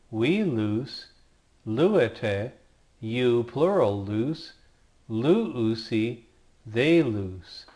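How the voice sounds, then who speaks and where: A man at a middle pitch teaches Greek verbs in a slow, unhurried lecture. He lays out each ending one at a time and drops in dry little jokes. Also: darkish tone. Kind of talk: recorded lecture over slides.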